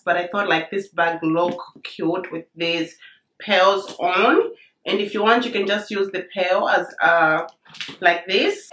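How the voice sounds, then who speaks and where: Bubbly woman vlogger, a little hoarse from a cold, chatty and excited, recorded in an echoey room. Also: mid-range voice, slight background noise. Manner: bubbly, excited, says "you guys" often. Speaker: vlogger reviewing a handbag. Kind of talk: casual chatty unboxing vlog.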